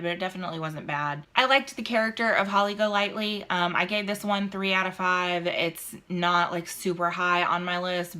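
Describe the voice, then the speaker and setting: Young woman book vlogger, low-ish bright voice, casual chatty delivery. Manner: chatty, with fillers and a Southern "y'all"; emotional and emphatic at times. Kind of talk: casual book review chat.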